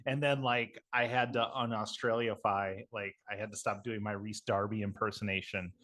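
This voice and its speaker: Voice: mid-range voice, fairly even intonation, fairly bright tone, no room sound. Rambling co-host with a mid-range voice. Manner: rambling, halting, with many fillers and laughs. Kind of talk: casual chat.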